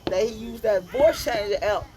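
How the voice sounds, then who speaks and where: Dude tossing in jokes and comebacks, crowd noise behind. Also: male voice, high-pitched. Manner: joking, jumps in with quick comebacks. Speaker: co-host. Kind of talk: casual improvised storytelling.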